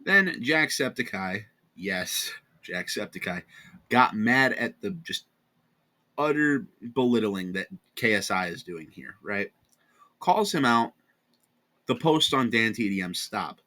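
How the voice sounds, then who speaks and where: A tired young man with an American accent rambles through a casual commentary, sarcastic and quick to correct himself. His voice sits a little low but sounds bright and forceful. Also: sing-song. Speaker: commentary channel host.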